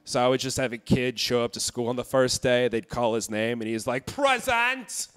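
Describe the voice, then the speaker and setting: A young man in his twenties doing a stand-up set in a comedy club, delivering dark jokes in a deadpan way with halting fillers. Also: medium pitch, clear, resonant tone. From Indiana.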